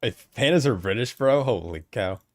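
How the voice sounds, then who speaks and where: A man's voice: medium pitch, expressive, normal speed, no echo, studio quality. Laid-back man streaming a game. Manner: laid-back, profane, laughs often. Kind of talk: casual gameplay chat.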